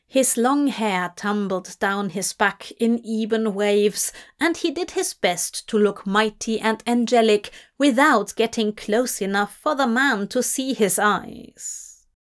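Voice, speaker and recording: A woman narrating a story in a measured, even storytelling manner. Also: mid-range voice.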